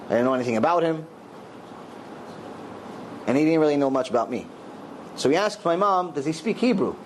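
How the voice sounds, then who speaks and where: A man's voice: a little high, animated, brisk, a little hiss or hum, low-quality recording. A middle-aged man and rabbi giving a storytelling Torah lecture, acting out the dialogue in raised voices.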